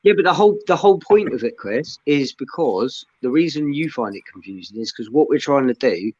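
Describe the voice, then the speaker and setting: A man's voice: mid-range voice, animated, a little fast, darkish tone, highs cut off. A man in casual banter, telling rambling anecdotes full of swearing.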